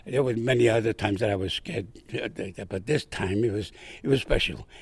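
Gravelly older man telling war stories. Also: on the low side, normal speed, no echo. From Brooklyn. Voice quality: gravelly, husky. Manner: rambling, animated, acts out voices in his story. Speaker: veteran guest. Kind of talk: oral history storytelling.

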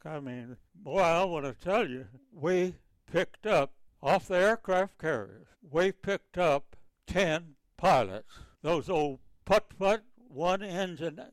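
An older man, a navy veteran, recounting wartime memories in a halting, repetitive way with many restarts. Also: high voice, no echo.

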